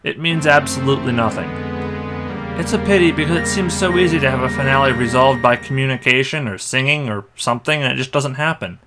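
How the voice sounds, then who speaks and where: A man's voice: mid-range voice, fairly quick, over music. A young man reading a scripted anime movie review as a voice-over, with dry, sarcastic criticism.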